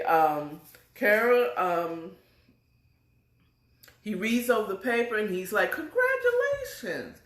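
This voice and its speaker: A woman's voice: mid-range voice, fairly bright tone. Casting: woman storyteller, casual and rambling, roomy echo. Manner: chatty, with fillers and self-corrections. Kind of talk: casual retelling of a romance novel. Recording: echoey room.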